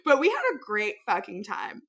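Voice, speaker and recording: A woman's voice: mid-range voice, big pitch swings, moderate pace, a bit bright, husky. A woman tour manager, likely in her thirties, telling a story in casual chat, swearing freely and laughing mid-sentence.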